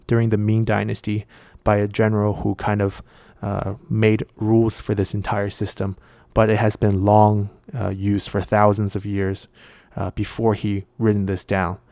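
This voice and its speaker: A man's voice: fairly low pitch, creaky, warm tone, no room sound. A man hosting an explanatory video lesson, explaining patiently and step by step with frequent filler sounds. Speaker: video essay host.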